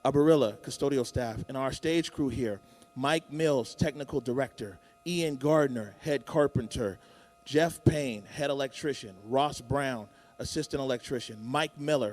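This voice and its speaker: A man's voice: mid-range voice, unhurried, darkish tone. A man hosting a live morning show from a theater stage, speaking in a casual, hyping way. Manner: casual, hyping, lists names.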